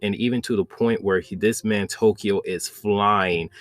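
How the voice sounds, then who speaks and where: A man's voice: fairly low pitch, fairly even intonation, a little slow, no room sound. A man hosting his own channel, recapping and reviewing a manga chapter in a loose, enthusiastic way, full of "like" and "bro".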